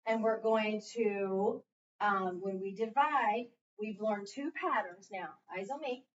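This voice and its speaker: A woman's voice: mid-range voice, slow pace, muffled recording. Woman teacher, distant classroom recording. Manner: patient, prompting with fill-in questions. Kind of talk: classroom phonics lesson.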